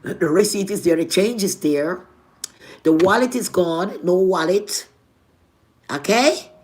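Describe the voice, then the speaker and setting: In a slow, lowish voice, a woman with a Jamaican accent shares her own story vlog-style. Blunt and animated, she peppers it with swearing and moves abruptly from loud to hushed.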